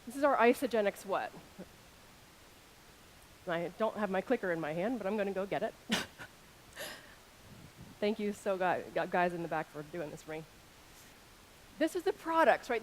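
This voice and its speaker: A woman in her thirties giving a keynote speech on an arena stage into a stage microphone. She moves between loud shout-outs to the crowd and a slower, intimate delivery. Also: medium pitch, expressive, a little hiss or hum. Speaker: keynote speaker.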